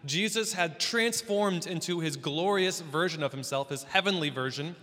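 Bright-voiced pastor in a reverberant hall. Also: male voice, fairly high pitch, normal speed. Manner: conversational and playful, with joking asides. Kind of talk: casual sermon. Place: church hall.

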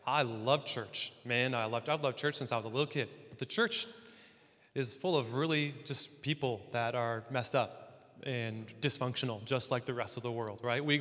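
A man preaching a sermon as pastor, conversational and animated with joking asides. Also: fairly high pitch, big-room sound.

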